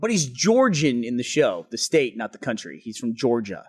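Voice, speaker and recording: A man's voice: mid-range voice, huge pitch swings, moderate pace, a little mellow, husky. A man hosting a podcast, chatting casually and animatedly, slipping into voices while telling stories. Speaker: podcast host. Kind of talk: casual chat.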